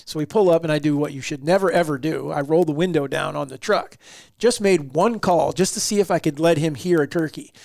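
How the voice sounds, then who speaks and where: Male podcast host, gravelly, dry close sound, lively storyteller. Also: fairly high pitch, a little fast, no room sound. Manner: animated, acts out quotes in the story. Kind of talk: casual storytelling.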